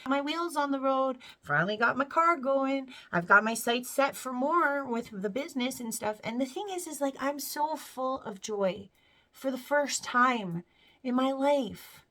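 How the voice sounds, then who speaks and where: A woman's voice: high voice, expressive, measured pace, a bit bright. A woman in her thirties giving an earnest, rambling spiritual testimony to camera, full of fillers and tearing up as she speaks. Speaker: vlogger sharing a faith testimony.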